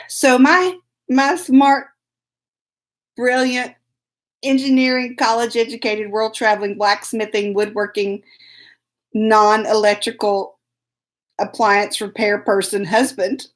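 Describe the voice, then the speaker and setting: A woman's voice: a little high, measured pace. A woman telling a story to camera in a casual, self-mocking way, laughing often. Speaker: host.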